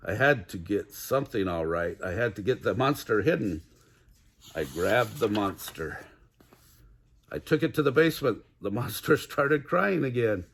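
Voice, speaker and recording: A man's voice: on the low side, animated, moderate pace, gravelly, fairly bright tone, breathy edge. An older man reading a children's picture book aloud, chuckling now and then as he reads. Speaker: storybook reader.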